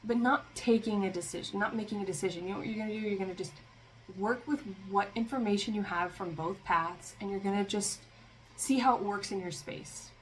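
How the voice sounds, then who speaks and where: A woman's voice: medium pitch, brisk, a little hiss or hum, poor audio. A woman giving a casual spiritual tarot reading, talking in a loose, rambling way with lots of fillers and a sarcastic streak. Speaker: tarot reader.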